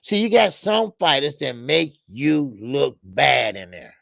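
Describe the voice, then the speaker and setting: A man's voice: mid-range voice, very animated, takes it slowly, creaky, fairly bright tone, no room sound, clean studio sound. A man hosting a casual boxing livestream, chatting animatedly, laughing a lot and greeting his chat in profane slang. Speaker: boxing show host.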